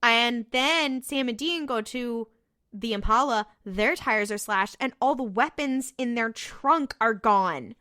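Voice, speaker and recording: Woman, podcast co-host, bright voice, slightly high, laughing profane storytelling. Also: takes it slowly. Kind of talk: casual episode recap.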